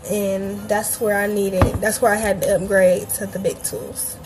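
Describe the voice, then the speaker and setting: A young woman from Cleveland who grew up in Atlanta, a bit hoarse, hosting a casual craft tutorial livestream and chatting loosely with her viewers. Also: medium pitch, level tone, a little slow, noisy background. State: a bit hoarse, feels she is losing her voice.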